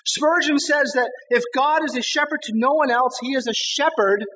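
A man preaching a sermon, earnest and emphatic, slowing down to stress scripture quotes. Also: very high voice, bright, forceful tone, in a large hall, muffled recording, slight background noise. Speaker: pastor. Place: church sanctuary.

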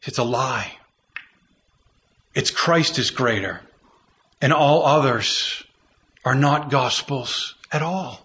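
A pastor preaches with fervor, driving his points home through repetition. His voice sits a little high for a man and comes across forceful and bright. The recording is somewhat muffled and lo-fi. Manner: preaching with rising fervor, repeating phrases for emphasis. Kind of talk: sermon.

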